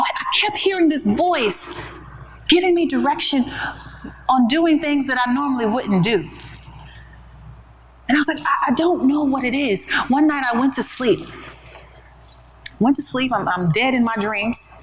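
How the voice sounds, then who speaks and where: A woman's voice: high-pitched, a bit bright, slight background noise, rough recording. A woman giving a motivational keynote talk at a conference, speaking in an emphatic, conversational preaching style with rhetorical questions. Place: conference room with an audience.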